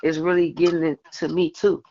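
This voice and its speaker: A woman's voice: sits low, flat delivery, a little fast, mellow. Chatty woman sharing on a church call. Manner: chatty, rambling with many likes. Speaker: church member. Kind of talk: casual testimony on a church call. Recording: muffled phone line.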